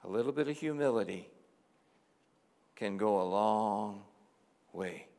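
A middle-aged man preaching a sermon as pastor, moving between quiet reflection and emphatic exhortation. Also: on the low side, lively intonation, a little slow, in a large hall.

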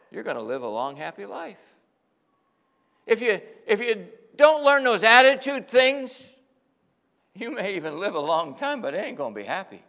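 Bright-voiced preacher in a reverberant hall. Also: male voice, fairly high pitch, vocal fry. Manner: preachy, rising to emphatic exhortation. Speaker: pastor. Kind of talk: sermon.

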